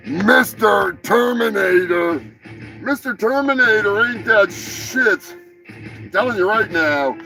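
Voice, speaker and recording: A man hosting a comedic live show, talking loudly in profane, rambling banter. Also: high-pitched, lively intonation, measured pace, music in the background, low-quality recording. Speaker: host.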